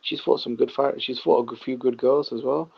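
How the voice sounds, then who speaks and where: An easygoing man chats casually, agreeing and asking questions. His voice is gravelly and a little husky. It comes through dull and lo-fi. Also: medium pitch, fairly even intonation, a little fast. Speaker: podcast co-host. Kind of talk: casual chat.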